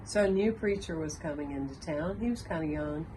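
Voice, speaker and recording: A woman with a slightly low voice tells stories in an animated way, acting out the people in them. A faint hiss sits under the recording. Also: brisk. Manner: animated storyteller, acts out child voices. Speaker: guest speaker. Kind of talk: storytelling in interview.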